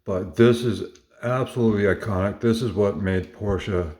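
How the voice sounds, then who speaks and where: Low-voiced guy rambling happily about his collection, lots of uhs and little corrections. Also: moderate pace, noisy background. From Canada. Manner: enthusiastic, rambling with fillers and self-corrections. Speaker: collector showing model cars. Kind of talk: casual show-and-tell.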